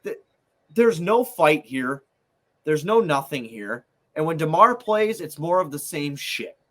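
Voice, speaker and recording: A man's voice: a little high, lively intonation, a little slow. A young man co-hosting a sports podcast, ranting in a heated, profane, exasperated way. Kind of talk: heated casual chat.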